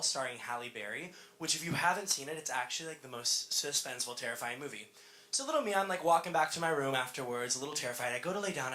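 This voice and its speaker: A young woman emceeing a cabaret show, telling the audience a playful story between songs in quick, chatty stage banter. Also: low-pitched, a bit bright, slight background noise. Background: instrumental music.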